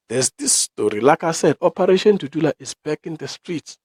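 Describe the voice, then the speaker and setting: A man's voice: on the high side, expressive, fairly quick, slightly rough, no room sound. Young South African male podcaster, ranting and profane, dry close mic. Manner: ranting, profane, with sudden loud outbursts. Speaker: podcast host. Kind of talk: opinion commentary podcast.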